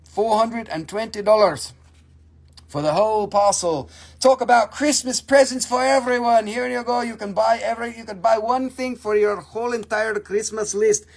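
A man hosting a live crystal sale, joking crudely and playfully while pitching prices. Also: moderate pace, vocal fry, husky. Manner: crude, playful, prone to silly voices and jokes. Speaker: host selling crystals on a live stream.

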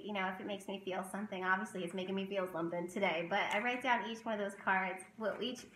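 A woman's voice: medium pitch, a bit bright, echoey room, slight background noise, poor audio. A woman vlogging about tarot in casual chat to camera, emotional and rambling, with many fillers and restarts.

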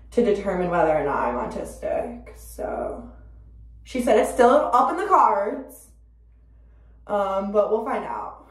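Rambling, swearing young woman vlogger. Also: medium pitch. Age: 20s. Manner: rambling, swearing, filler-heavy, sudden loud bursts. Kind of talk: casual chat. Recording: roomy, distant from the mic.

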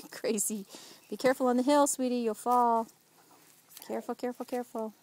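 A woman's voice: fairly high pitch, steady tone, a little fast, a little mellow, a little hiss or hum, poor audio. A mother filming her small child outdoors in a backyard, talking in a playful, doting, coaxing way and laughing often. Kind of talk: home video chat with a small child.

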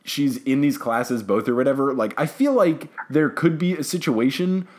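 A young man hosting a podcast, casually recapping a book chapter by chapter and briefly acting out the characters as he goes. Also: mid-range voice. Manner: animated storyteller, acts out characters in quick asides. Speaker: podcast host.

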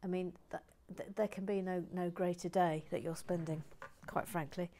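A woman hosting a relaxed live Lego build, reading chat aloud with dry humour and murmuring asides while she works. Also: fairly low pitch, moderate pace.

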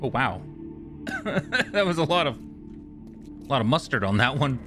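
A man giving casual gameplay commentary, excitable and profane, joking with the characters he meets. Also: medium pitch, unhurried, over music. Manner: excitable, profane, jokey, talks to game characters. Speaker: gamer streamer. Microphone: studio microphone.

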